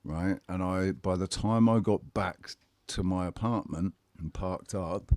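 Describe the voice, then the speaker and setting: Low and darkish, this man's voice comes through with no room sound as he shares a personal story in casual conversation. He's blunt, candid, and profane, speaking haltingly with frequent restarts.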